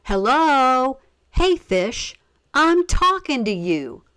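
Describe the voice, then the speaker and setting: A woman's voice: high voice, sing-song, extremely slow, a bit bright, smooth, no room sound, pitched above the performer's own voice, heavily acted. A woman voicing an impatient young boy in a children's storybook read-aloud, talking in a pushy, demanding way. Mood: indignant. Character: impatient young boy, quick to get annoyed.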